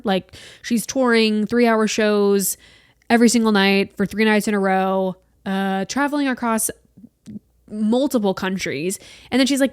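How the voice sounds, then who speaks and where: A woman in her late twenties hosting a solo podcast, chatting in an animated way and swearing casually. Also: mid-range voice, measured pace, dry recording, studio quality. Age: late 20s. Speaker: podcast host.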